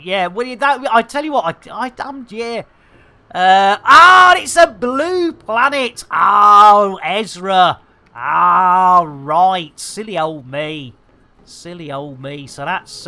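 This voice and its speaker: A man's voice: high voice, expressive, slow, sharp tone. A man streaming a game live, chatting in a bawdy, theatrical, rambling way. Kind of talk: cheeky live-stream chat.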